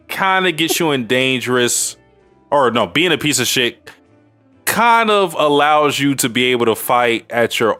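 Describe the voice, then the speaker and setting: A man's voice: medium pitch, bright, forceful tone, clean tone. A man co-hosting a podcast, casually recapping anime episodes with crude jokes and lots of fillers. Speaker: podcast co-host.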